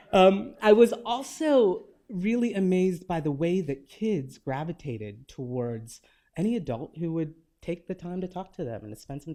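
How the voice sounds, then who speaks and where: Man, 40s, guest lecturer, mellow warm tone, easygoing storytelling, light humor. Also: fairly high pitch. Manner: relaxed, conversational storytelling with gentle humor. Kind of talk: lecture told through personal anecdotes.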